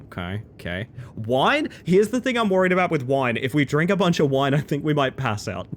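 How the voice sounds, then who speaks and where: A man, chatting excitedly as he streams a game live. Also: a little high, brisk, a little hiss or hum. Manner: excitable, chatty, bursts into loud exclamations. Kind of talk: live gameplay commentary.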